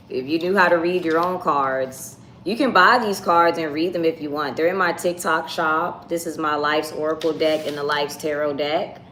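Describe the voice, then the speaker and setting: A woman's voice: low voice, a bit bright. A woman reading tarot on a live stream, chatting casually and bluntly with her viewers. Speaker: tarot reader. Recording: echoey room with faint ambient noise.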